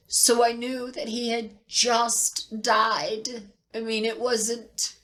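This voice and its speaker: A middle-aged woman telling a personal story near tears, halting and repeating herself with pauses. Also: a little high, fairly bright tone. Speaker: vlogger sharing personal loss. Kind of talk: tearful personal account.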